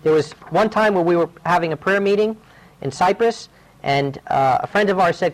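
A man's voice: high voice, normal speed, low-quality recording. Male preacher, sermon voice, earnest storytelling, urgent delivery. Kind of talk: sermon with personal stories.

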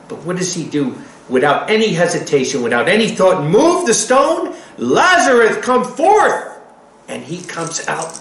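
Мужчина-проповедник, оживлённо читает проповедь, высокий голос, гулкая комната с лёгким фоном. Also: male voice, a little high, roomy sound, slight background noise, rough recording. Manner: animated, acts out quotes. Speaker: preacher. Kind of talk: sermon.

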